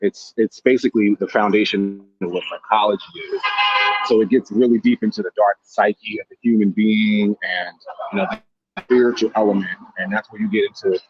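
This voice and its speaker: A man's voice: on the low side, fairly even intonation, normal speed, husky, dry recording, highs cut off. A man speaking as a guest in a casual live-stream discussion, explaining his ideas earnestly and at length, often repeating words as he goes.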